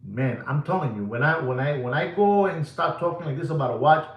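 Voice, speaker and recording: A middle-aged man hosting a live watch sales show. He is repetitive and showy, swings between booming and hushed delivery, and slips Spanish words into his English. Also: a little fast, lo-fi sound. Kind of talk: live sales pitch to viewers. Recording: roomy echo.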